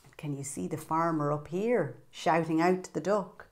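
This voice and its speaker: A woman reading a picture book aloud to young children, animated and sing-song, pointing out the pictures as she goes. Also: low-pitched, normal speed. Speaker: children's storyteller.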